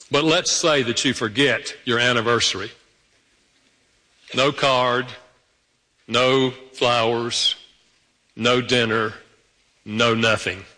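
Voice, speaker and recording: A man preaching a sermon, telling stories with sudden jumps up in pitch. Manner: storytelling with animated pitch jumps. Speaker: pastor. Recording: long hall reverb.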